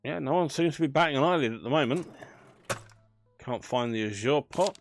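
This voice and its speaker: A man's voice: medium pitch, lively intonation, fairly quick, pauses often, music in the background. A man chatting casually as he plays a management game, thinking aloud with dry banter. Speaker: gaming channel host. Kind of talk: casual let's play commentary.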